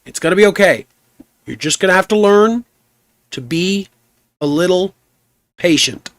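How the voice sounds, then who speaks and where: A man doing a calm, soothing doctor. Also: sits high, no echo, voice pushed up. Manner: slow, soothing.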